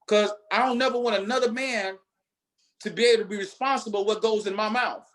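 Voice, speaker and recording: A man's voice: high-pitched, steady tone, fairly quick, a bit bright. A man leading a network marketing team, giving a motivational talk with emphatic, preacher-like repetition.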